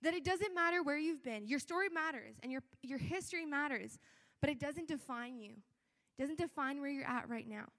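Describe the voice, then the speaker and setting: A young woman with a high voice preaches to her church in a casual, earnest way, full of "like" and restarts. Her words ring out with a long echo, as if from a big church hall. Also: moderate pace, a bit bright. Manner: conversational, earnest, with many fillers. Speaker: church speaker. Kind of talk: sermon.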